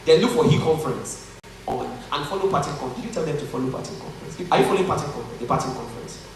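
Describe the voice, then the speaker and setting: Animated Nigerian man in an echoey hall. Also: mid-range voice, racing, far from the mic, noisy background. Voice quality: animated storyteller, joking and earnest by turns. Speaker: conference speaker. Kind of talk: motivational talk to a live audience. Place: large conference hall.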